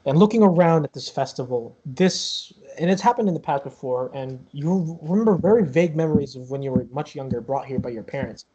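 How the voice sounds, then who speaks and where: Guy running a tabletop game, kinda high voice, rambly with lots of uh's and restarts, dull lo-fi audio. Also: lively intonation, a little fast, hardly any pauses, mellow, slight background noise. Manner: rambling, full of fillers and restarts. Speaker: game master.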